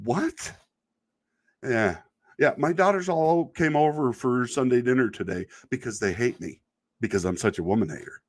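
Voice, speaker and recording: In a mid-range voice at a moderate pace, a middle-aged video podcast host delivers a loose monologue about online commenters. He sounds wryly exasperated and sometimes laughs at himself.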